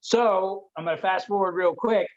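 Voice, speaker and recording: A man from Detroit, a podcast guest telling a story in a lively way and acting out the voices of people he quotes. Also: high voice, normal speed, muffled recording. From Detroit, USA. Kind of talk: animated storytelling.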